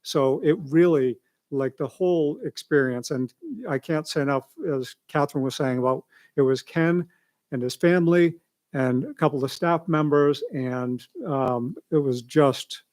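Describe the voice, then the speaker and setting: A man's voice: a little high, a little slow, darkish tone. A man giving a rambling, conversational report at a school board meeting as a school administrator. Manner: rambling, conversational, many asides.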